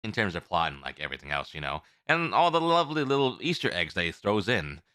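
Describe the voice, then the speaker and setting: A man's voice: deep voice, fast talker, dry recording, clean studio sound. A man streaming and chatting casually, rambling and talking with his mouth full. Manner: rambling, animated, eating while talking.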